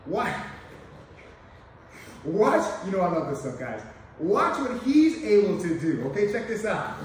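Energetic man teaching in an echoey room. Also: sits high, a little slow, slight background noise. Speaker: police officer and instructor. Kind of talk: demonstration lesson. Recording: echoey room, mic at a distance.

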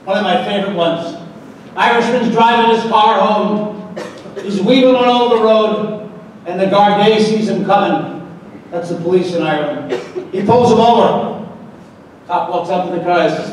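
Man, high voice, teasing emcee, jokes to a crowd, far-off mic in a booming hall. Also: normal speed, long pauses, slight background noise. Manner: teasing, jokey, addresses the crowd directly. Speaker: master of ceremonies. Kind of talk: joke-telling emcee patter. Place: large banquet hall at a breakfast event. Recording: echoey hall recording from far off.

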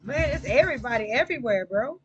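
A woman hosting a livestream, chatting casually and cheering on her teammate with excited, slangy play-by-play. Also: fairly high pitch, fast talker, lo-fi sound. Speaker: livestream gamer host. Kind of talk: casual gaming chat.

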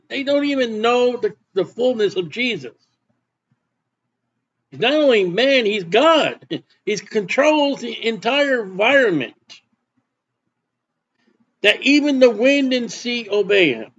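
High-voiced male preacher, lo-fi recording. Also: lively intonation, measured pace, pauses often, fairly bright tone, husky. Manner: reads verses then explains in plain asides. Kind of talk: sermon, Bible reading with commentary.

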